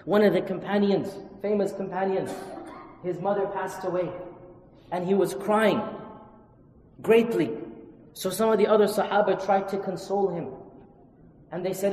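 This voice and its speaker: A male preacher delivers a fervent sermon, leaning hard into certain phrases before sinking to a near hush. The sound is roomy, with a long reverb tail from a large hall. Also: fairly even intonation, moderate pace, long pauses, a little hiss or hum. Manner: impassioned, swings from loud emphatic stresses to low hushed passages.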